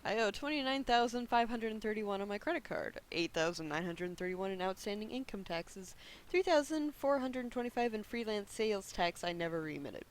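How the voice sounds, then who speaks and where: A man reading the lines of a debt-ridden woman near forty, speaking in quiet, defeated confessions. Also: high-pitched, expressive, a little fast, smooth, low-quality recording. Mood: ashamed.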